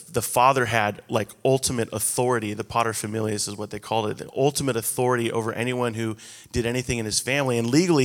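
A man's voice: mid-range voice, a bit bright. A man in his thirties preaching a sermon, telling stories in a casual, self-deprecating, conversational way. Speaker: pastor. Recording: echoey hall.

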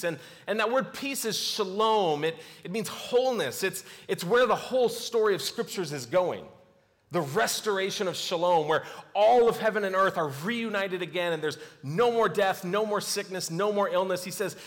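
A man's voice: sits high, animated, normal speed. Preaching man in an echoing hall. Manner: storytelling, acts out scripture quotes with softer voice. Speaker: pastor. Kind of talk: sermon. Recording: long hall reverb.

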